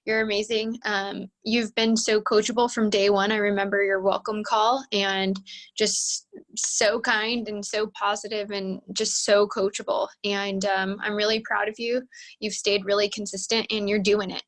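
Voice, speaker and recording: A woman's voice: mid-range voice, little pitch movement, measured pace, a bit bright. A woman hosting a team call, upbeat and encouraging, full of praise and pep talk. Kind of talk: motivational group call.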